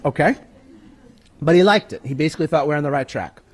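Male workshop lecturer, slightly high voice, conversational and emphatic, drifts off-mic. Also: fast talker, husky. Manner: conversational teaching, emphatic, with handout references. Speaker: writing workshop speaker. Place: room with an audience. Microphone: moves away from the mic at times.

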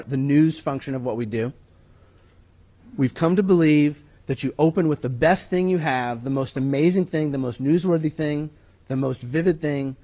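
With a slightly high, slightly mellow voice, a man delivers a writing-workshop lecture to a room of people. He teaches in a conversational, emphatic way, refers to handouts, and at times steps away from the microphone.

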